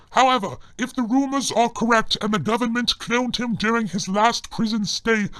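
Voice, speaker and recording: A man giving scripted comedic narration in a formal, deadpan manner. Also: high-pitched, no room sound.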